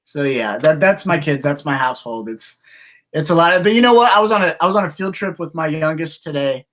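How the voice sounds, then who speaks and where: A man co-hosting a podcast, telling stories in casual chat, halting and restarting often and acting out quotes with animation. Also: a little high, lively intonation, fairly bright tone. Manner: halting storytelling with many restarts. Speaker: podcast co-host.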